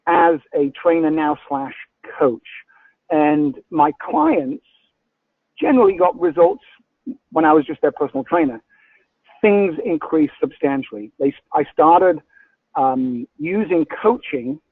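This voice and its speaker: A man's voice: fairly high pitch, dry recording. An older man, a personal trainer and coach, talking earnestly in a webinar, with frequent false starts and restarts. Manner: halting, many restarts, earnest. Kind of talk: webinar discussion. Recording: dry tinny phone-line audio.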